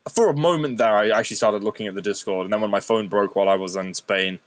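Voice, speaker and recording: A man's voice: lowish voice, fast talker. A man, a guest on a stream, telling blunt, joking stories in casual chat and swearing freely.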